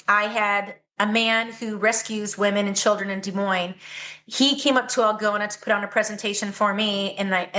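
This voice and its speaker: Bright, earnest woman on a podcast. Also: medium pitch. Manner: earnest, emotional, speaks with conviction. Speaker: guest, anti-trafficking advocate. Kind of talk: podcast interview.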